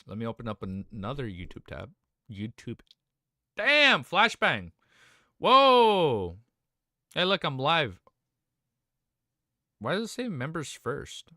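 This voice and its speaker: A man's voice: mid-range voice, lively intonation, moderate pace, pauses often, bright, forceful tone, dry recording, clean studio sound. A young adult man live-streaming, chatting casually, rambling and swearing as he reads chat aloud.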